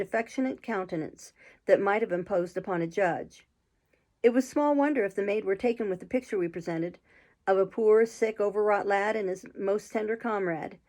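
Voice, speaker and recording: A woman reading a classic adventure novel aloud in a steady, measured storytelling voice. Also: mid-range voice.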